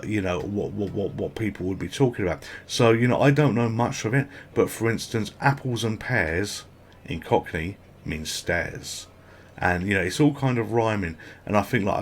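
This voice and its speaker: Chatty British man, lowish voice. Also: a little hiss or hum. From Britain. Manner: chatty and rambling, with excited exclamations. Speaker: gameplay commentator. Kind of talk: casual gameplay commentary.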